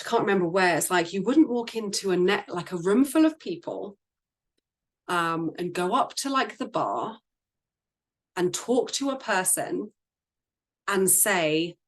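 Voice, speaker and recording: A woman business and sales coach talking casually in a group discussion, chatty, laughing often and acting out quoted lines. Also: on the low side.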